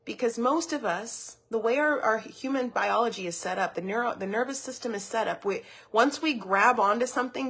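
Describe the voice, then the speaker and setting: A woman with a fairly high, husky voice gives a motivational teaching talk as a wellness coach. She speaks in an earnest, personal way and often repeats words while she gathers her thoughts. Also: a bit bright.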